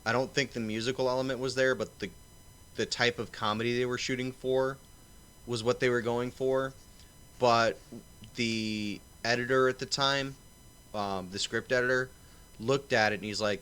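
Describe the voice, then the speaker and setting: A man's voice: medium pitch, fairly even intonation, moderate pace, a bit bright, smooth. A man co-hosting a casual chat, rambling through anecdotes and retelling stories in quoted voices. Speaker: podcast co-host.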